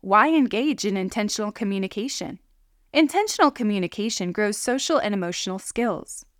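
A woman giving calm, measured scripted narration of parenting guidance. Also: medium pitch, no room sound, studio quality. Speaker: parenting educator.

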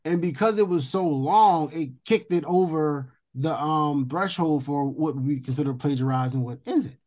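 Animated, profane young man telling a story. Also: normal speed. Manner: animated, profane, jumps high in pitch when indignant. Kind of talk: casual storytelling chat.

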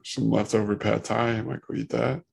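A man's voice: on the low side, fairly even intonation, normal speed, creaky, darkish tone, breathy edge, low-quality recording. A man chatting casually as co-host, giving blunt joking advice. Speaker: uncle and co-host. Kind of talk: casual chat.

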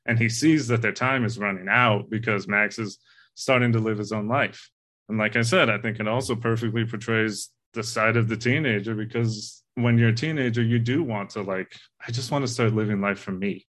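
A man's voice: on the low side, steady tone, normal speed, a bit bright. A man co-hosting a casual movie discussion, talking in an earnest, rambling way and swearing casually. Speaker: podcast co-host.

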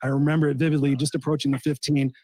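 A man's voice: on the high side, flat delivery, racing, darkish tone, no room sound. A man, a coach, speaking in a heartfelt way about personal loss on a podcast, often restarting his sentences. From Southern California. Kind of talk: emotional personal storytelling.

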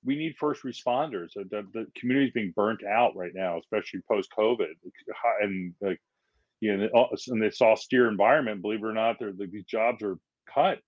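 A firefighter from Philadelphia, a man telling stories as a podcast guest, acting out the people he quotes in lively voices. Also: lowish voice, normal speed, no echo, highs cut off. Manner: animated, acts out quotes in changing voices. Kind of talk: casual storytelling in a podcast interview.

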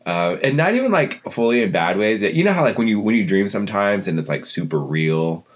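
A man's voice: lowish voice, very animated, brisk. A man chatting casually as a podcast co-host, rambling through a story with lots of fillers. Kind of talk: casual chat.

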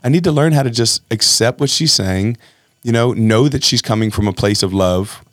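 Clean studio sound with no echo captures a man with a mid-range voice talking at normal speed as he hosts a casual podcast. He is candid, animated and self-reflective, frequently acting out others' dialogue by raising his voice.

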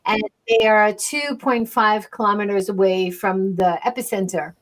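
A woman's voice: medium pitch, normal speed, fairly bright tone. A woman hosting a casual livestream chat, engaged, ending her points with "right?". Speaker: livestream host.

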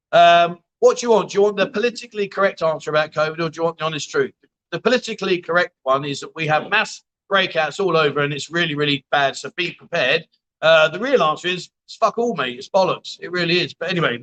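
A man's voice: a little high, fairly bright tone, rough recording. A man hosting a casual livestream, reading out viewer comments with blunt, jokey banter and the odd swear word. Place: bar venue.

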